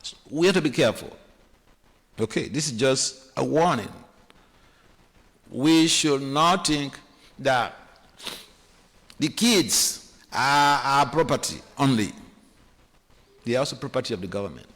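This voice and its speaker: A man giving a sermon-style class in a temple hall, animated and acting out quoted voices, halting often with restarts. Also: mid-range voice. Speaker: speaker giving a scripture class.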